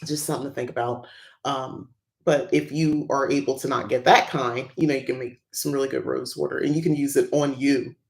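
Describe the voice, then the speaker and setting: A chatty livestream host who rambles through casual talk with plenty of fillers and small laughs. The voice sits at a middling pitch with a gravelly, creaky edge, and the room gives it a noticeable echo. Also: steady tone, brisk. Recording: roomy echo.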